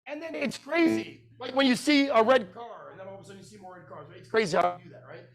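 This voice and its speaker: A middle-aged man tells a story to a conference audience and acts out the other people's lines as he goes. His voice sits high for a man and jumps around a lot. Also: very fast, vocal fry. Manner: animated storyteller acting out dialogue. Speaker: keynote speaker. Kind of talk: storytelling sales talk. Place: conference room.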